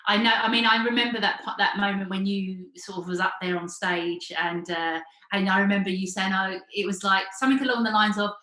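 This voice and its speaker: A woman's voice: medium pitch, steady tone, fairly quick, few pauses, pushed and bright. A woman hosting a casual interview, encouraging her guest and restarting her sentences often. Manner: encouraging, many fillers and restarts. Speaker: host, interviewer. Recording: echoey room.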